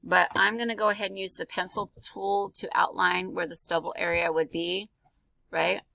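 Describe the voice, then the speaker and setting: A woman's voice: fairly low pitch, level tone, normal speed, vocal fry, pushed and bright, no echo, low-quality recording. A woman art teacher talking through a drawing tutorial in a casual, chatty way, with many ums and likes. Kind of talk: screen-recorded drawing tutorial.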